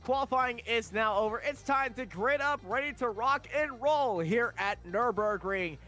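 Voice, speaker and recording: A man commentating a sim race, calling qualifying and reading off the starting grid in brisk play-by-play. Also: extremely high pitch, bright, forceful tone, faint music behind.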